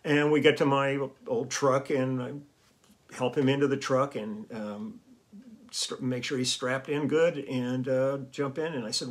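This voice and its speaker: A man's voice: mid-range voice, a little slow. A man hosting his own vlog, telling a casual, rambling story with chuckles and fillers. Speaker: vlog host and musician.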